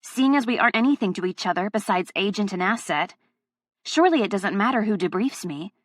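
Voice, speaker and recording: A woman's voice: medium pitch, expressive, fairly quick, no room sound, studio quality. A woman narrating a first-person audiobook, with a heated, emotionally charged delivery.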